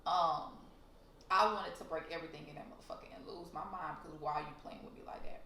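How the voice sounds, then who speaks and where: Young woman vlogging, swearing a lot and heated, lowish voice, echoey room. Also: steady tone, quick pace, creaky, bright, forceful tone, a little hiss or hum. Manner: blunt, profane, heated retelling. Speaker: storytime vlogger. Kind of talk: casual storytelling to camera. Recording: roomy echo.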